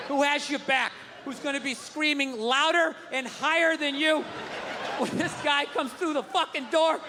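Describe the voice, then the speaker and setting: A man doing a stand-up routine, ranting and swearing, often shouting. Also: extremely high pitch. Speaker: stand-up comedian. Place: large hall with a live audience. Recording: hall reverb, audience laughter and noise.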